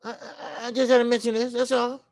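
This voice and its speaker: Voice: medium pitch, flat delivery, a little fast, darkish tone, dry recording. A boxing show host ranting in a heated talk-show style, fired up, repeating points and talking straight to viewers.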